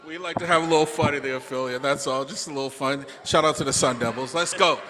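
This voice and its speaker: A man's voice: a little high, fast, long reverb tail, crowd noise. A man emceeing a banquet in a teasing, laughing, casual way. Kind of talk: live emcee banter. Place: large banquet hall.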